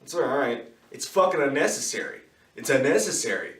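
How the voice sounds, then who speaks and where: A man giving a casual, profane movie review, ranting in an animated way and slipping into quick impressions. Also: mid-range voice, recorded from a distance. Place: in his car. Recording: echoey room, voice somewhat off-mic.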